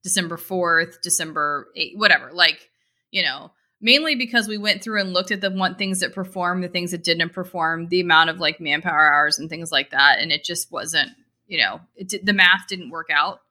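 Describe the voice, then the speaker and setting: A woman's voice: fairly low pitch, moderate pace, pushed and bright. A woman co-hosting a casual business chat, talking loosely with many fillers and restarts. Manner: chatty, lots of fillers and restarts. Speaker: e-commerce marketer and co-host.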